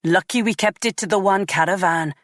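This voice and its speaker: Woman doing a warm Welsh fire chief. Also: high-pitched, a little fast, no room sound, studio quality. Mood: matter-of-fact. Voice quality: warm, chatty. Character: rotund middle-aged Welsh fire chief, friendly. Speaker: assistant chief fire officer.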